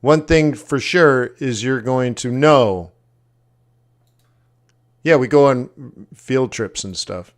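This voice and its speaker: A Canadian man hosts a forex trading livestream as an educator, his medium-pitched voice moving slowly with frequent pauses. He chats casually, rambling and joking, and corrects himself along the way.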